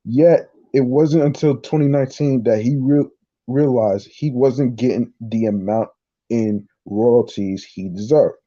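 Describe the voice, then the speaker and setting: Slow, dark-voiced man hosting a podcast. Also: mid-range voice, lo-fi sound. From New York. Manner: halting, repeats words, reacts with asides. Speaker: podcast host. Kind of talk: casual solo podcast, reading news aloud.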